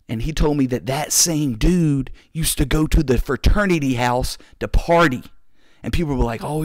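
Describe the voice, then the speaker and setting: A man hosting a podcast, telling stories in an excitable, slangy way, full of dude and bro. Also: fairly high pitch, no echo, clean studio sound. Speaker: podcast host. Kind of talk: casual storytelling.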